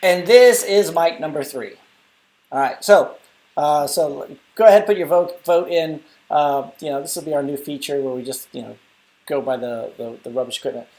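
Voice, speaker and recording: A man's voice: a little high, moderate pace, dark tone. A young adult man hosting a casual live stream, rambling and chatting through viewer comments. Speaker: live stream host and app developer.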